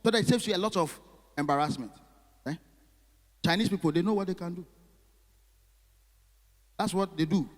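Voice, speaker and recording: A man works a live crowd, his voice pitched high for a man. His talk carries a long hall reverb from the venue. He is animated and keeps turning to the audience with questions. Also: moderate pace, pauses often. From Ghana. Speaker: stand-up comedian. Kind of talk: stand-up comedy with crowd work.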